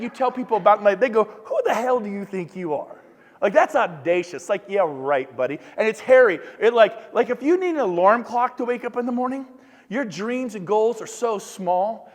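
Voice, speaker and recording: Fired-up man preaching in a reverberant hall. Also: sits high. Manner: fired-up, punchy, shouting at peaks. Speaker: motivational speaker, real estate agent. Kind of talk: live motivational talk to an audience.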